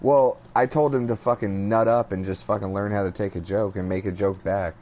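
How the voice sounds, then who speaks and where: A man's voice: lowish voice, fairly even intonation, fairly quick, muffled recording. A man co-hosting a casual podcast, pushy and laughing, swearing through the banter. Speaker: podcast co-host. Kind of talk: casual chat.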